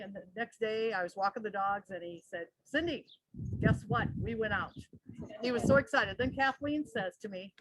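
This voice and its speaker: A woman's voice: a little high, pushed and bright, poor audio. A woman sharing a chatty story about her neighbor at a memorial gathering, laughing now and then as she talks. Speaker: neighbor of the deceased.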